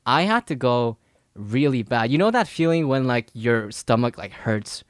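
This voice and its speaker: A man's voice: medium pitch, lively intonation, moderate pace, no echo, studio quality. A young man, a podcast co-host telling a long story in casual chat, full of fillers and restarts and laughing as he goes. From Philippines. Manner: rambling, filler-heavy, laughs through his story.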